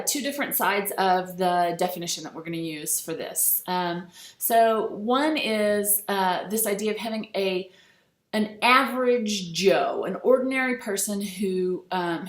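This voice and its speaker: Chatty woman teacher in an echoey room. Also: mid-range voice. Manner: relaxed, chatty, with many fillers. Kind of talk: recorded lecture over slides.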